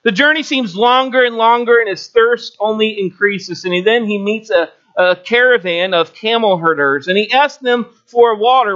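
A man preaching a sermon, telling a story with rising and falling delivery. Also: fairly bright tone. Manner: storytelling with shifting pitch and pauses. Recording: dull lo-fi recording.

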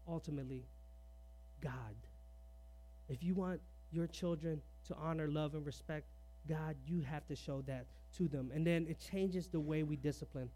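A man's voice: fairly high pitch, dark tone. A man preaching a sermon on parenting, firing off rhetorical questions, dropping "all right" between points, and sharing personal stories in an earnest, conversational way.

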